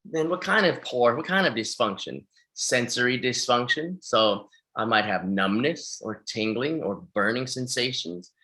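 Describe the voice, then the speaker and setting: Bright-voiced man lecturing in a webinar. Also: medium pitch, unhurried, hardly any pauses. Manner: energetic, keeps checking in with "right?" and "okay?". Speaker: fitness instructor. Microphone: webinar microphone.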